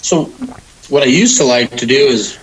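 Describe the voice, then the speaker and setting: Laid-back young fighter, rambling. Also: male voice, mid-range voice, animated, normal speed, a little hiss or hum, poor audio. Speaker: MMA fighter, guest. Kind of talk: casual interview answers.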